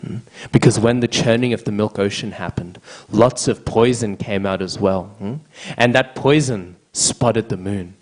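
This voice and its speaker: A man's voice: lowish voice, normal speed, rough recording. A man giving a devotional scripture class, checking in with listeners by tagging a questioning "hmm?" onto almost every phrase.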